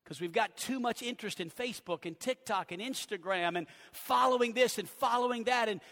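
Male pastor, high tenor, sermon delivery, dips soft then swells; reverberant sanctuary. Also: a little fast. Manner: earnest preaching, swings from loud emphasis to hushed low phrases. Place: church sanctuary. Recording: long church hall reverb.

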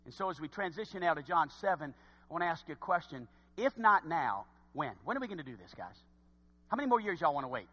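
A man preaching a sermon to his congregation, folksy and direct, swinging from hushed asides to shouts. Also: on the high side, very animated, quick pace. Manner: folksy, talks straight to the congregation. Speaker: pastor. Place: church sanctuary. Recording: long hall reverb.

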